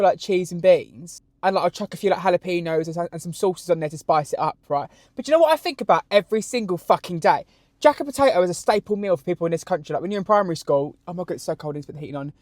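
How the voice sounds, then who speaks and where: A man's voice: high voice, no echo. Brief: British man in his 20s, podcast host, camp and crude, close dry mic. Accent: British English. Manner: animated, crude, camp storytelling. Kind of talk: solo podcast answering questions.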